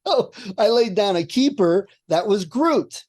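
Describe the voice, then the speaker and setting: A man co-hosting a podcast, telling game-night stories in a lively, animated way and laughing as he goes. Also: high voice, measured pace. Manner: animated storyteller, acts out lines with laughs. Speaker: podcast co-host. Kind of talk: casual chat.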